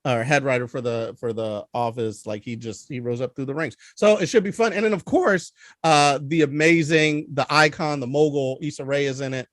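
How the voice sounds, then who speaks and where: A man's voice: mid-range voice, normal speed, few pauses, no echo, clean studio sound. A man with a Philadelphia accent hosting a casual movie chat show, chatty and laughing often. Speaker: host.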